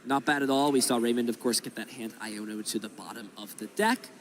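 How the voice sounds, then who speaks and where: A man's voice: medium pitch, fairly quick, slight background noise. Man calling a card game match. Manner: analytical, explains plays at length. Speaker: commentator. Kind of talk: live card game commentary.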